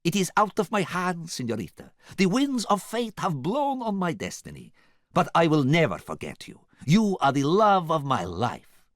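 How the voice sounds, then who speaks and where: A man's voice: a little high, sing-song, moderate pace, no room sound, pitched above the performer's own voice. A man putting on a dashing tomcat with a lifted voice and a gallant, dramatic delivery. This storybook reading is dry and close to the mic. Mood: romantic. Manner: gallant, dramatic courtly speech. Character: suave, romantic male cat swordsman.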